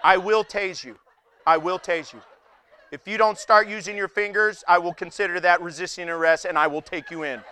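A man's voice: sits high, steady tone, moderate pace, pushed and bright, pitched below the performer's own voice. A man voicing a stern, bossy male police officer who threatens a diner in a comic sermon aside. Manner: mock-gruff, bossy.

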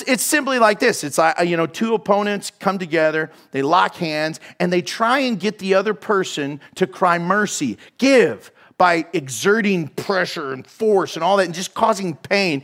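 A man preaching a sermon to his church, telling stories with animated swings and dropping to soft whispers for emphasis. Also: high voice. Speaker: pastor. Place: church hall.

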